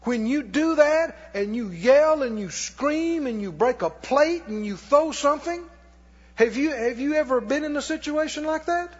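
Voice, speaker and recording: A man's voice: very high-pitched, lively intonation, normal speed, breathy edge. A male pastor preaching a sermon, emphatic and questioning his congregation. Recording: dull echoey hall recording.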